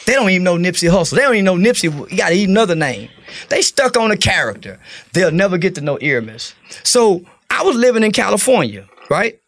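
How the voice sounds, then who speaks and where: Blunt, profane man with a gravelly voice. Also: high voice, very animated, brisk, fairly bright tone. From Fort Worth, Texas. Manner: blunt, profane, preachy street talk. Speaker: interview guest. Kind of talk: casual interview talk.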